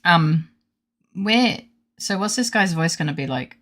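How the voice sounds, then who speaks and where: A woman's voice: fairly low pitch, animated, unhurried, fairly bright tone. A woman streaming a game, joking casually with her chat and reading game lines aloud between giggles. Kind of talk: casual gaming stream commentary.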